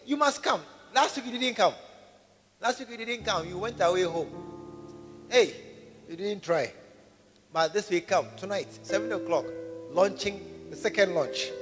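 A man preaching a sermon to his congregation, calling for responses and rising to shouts. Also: high voice, lively intonation, unhurried, pauses often. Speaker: pastor. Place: large church hall. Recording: reverberant hall with faint music.

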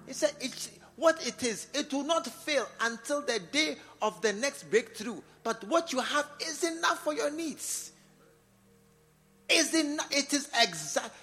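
A man with a Ghanaian English accent preaching a sermon in church, repeating phrases and swinging from quiet talk to loud exhortation. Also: high-pitched. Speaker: bishop preaching. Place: church service.

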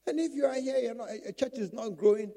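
With a very high, gravelly voice and a fast delivery, a pastor preaches to a gathering of church leaders. His style is animated, full of repetition and acted-out quotations.

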